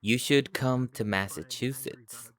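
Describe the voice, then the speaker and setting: A man chatting casually as a listener, relaxed and matter-of-fact. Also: medium pitch, a little slow. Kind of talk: casual chat.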